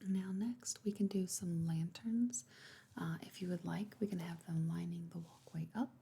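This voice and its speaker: Lady doing a whispery party planner role-play, soft and reassuring, kinda low and creaky, hiss behind. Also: moderate pace. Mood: gentle. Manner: soft, reassuring sales talk. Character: attentive female event planner showing decorations.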